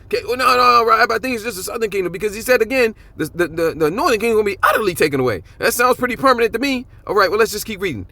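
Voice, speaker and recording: Male Bible teacher, emphatic and informal, brightish higher voice, keeps checking "okay?". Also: lively intonation, vocal fry, dry recording. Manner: emphatic, repeats "okay?" often; reads scripture aloud slowly and stretched out.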